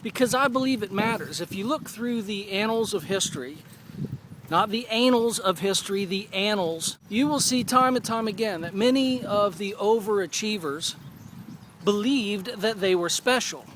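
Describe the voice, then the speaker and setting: A man in his forties talking earnestly and thoughtfully in a personal video blog, pausing and restarting as he goes. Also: sits high, noisy background. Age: 40s. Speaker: vlogger. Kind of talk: reflective personal vlog monologue.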